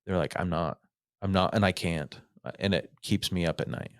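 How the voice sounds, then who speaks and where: Low-voiced man telling animated stories. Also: moderate pace, clear, resonant tone, no echo, studio quality. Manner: animated storyteller, acts out quotes. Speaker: podcast guest. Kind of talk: casual storytelling interview.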